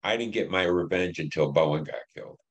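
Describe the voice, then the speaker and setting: An older man in his seventies, a veteran from Detroit, telling war memories in an interview, plain and halting with many fillers. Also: low-pitched. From Detroit, Michigan. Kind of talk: oral history interview.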